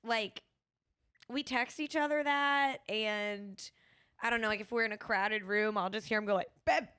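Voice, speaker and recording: A woman, co-hosting a podcast and telling stories in a giggly, animated way. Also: mid-range voice, moderate pace, clean tone. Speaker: podcast co-host. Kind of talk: casual chat.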